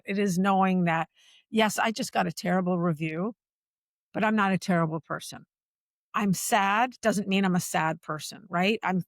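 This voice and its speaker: A woman speaking as a podcast guest about workplace culture, talking in an animated, emphatic way and repeating phrases for stress. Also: fairly low pitch, no room sound, clean studio sound. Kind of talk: conversational podcast interview.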